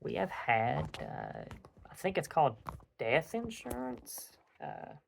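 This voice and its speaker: A man with a gravelly, mid-pitched voice talks in a loose, rambling way. He tells an animated story to a friend and swears freely. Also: takes it slowly, a little hiss or hum. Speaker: podcast host. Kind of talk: casual chat.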